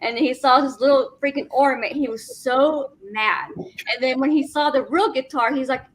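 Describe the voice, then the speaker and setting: A woman's voice: high-pitched, moderate pace, poor audio. A woman casually telling a family story among friends, acting out the quoted lines and laughing as she goes. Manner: animated, acts out quoted dialogue, laughing.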